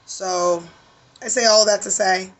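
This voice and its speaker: A woman's voice: mid-range voice, steady tone, measured pace. A woman with a weary voice giving an emphatic, preachy spiritual tarot reading, swearing casually. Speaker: tarot reader.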